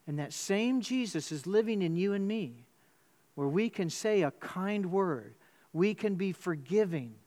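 Man preaching an animated sermon. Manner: animated storytelling with sudden pitch jumps. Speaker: pastor. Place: church.

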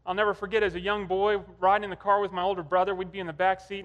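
Brief: male preacher, conversational storyteller, higher pitch, long church reverb. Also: little pitch movement, racing, fairly bright tone. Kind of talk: sermon.

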